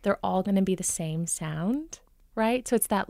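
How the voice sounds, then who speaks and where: A woman's voice: mid-range voice, moderate pace, vocal fry, darkish tone, dry recording, clean studio sound. A woman from Minnesota, a dialect coach patiently explaining and demonstrating vowel sounds in an interview.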